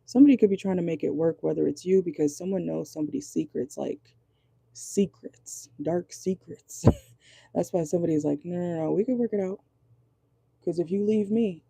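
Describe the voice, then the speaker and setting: A woman with a deeply gravelly, fry-laden voice talks through a tarot reading in a loose, chatty way, tossing in "okay?" after nearly every thought and swearing freely. Her tone is dark and husky, her voice worn hoarse, and the sound is close and dry. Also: dry recording. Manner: chatty, frequent "okay?" check-ins, swears casually. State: voice going hoarse. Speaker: tarot reader. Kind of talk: casual tarot reading monologue.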